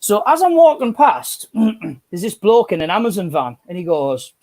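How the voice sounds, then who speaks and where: A man's voice: high-pitched, huge pitch swings, moderate pace, darkish tone. A man, chatting and telling sweary stories as co-host of a live stream on an earphone mic. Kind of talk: casual chat.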